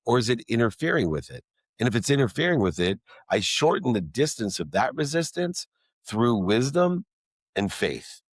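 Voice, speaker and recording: A man's voice: mid-range voice, sing-song, moderate pace, no room sound, clean studio sound. A middle-aged man, a guest in an interview, telling a personal story with emphatic, rhythmic lists of alliterative words.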